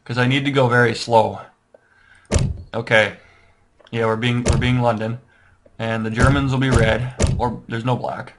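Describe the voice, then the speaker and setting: A man's voice: mid-range voice, level tone, measured pace, pauses often, background noise. A man casually walking viewers through a strategy game, rambling and second-guessing his choices, with a self-deprecating manner. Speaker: gaming tutorial host. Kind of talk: casual gameplay walkthrough.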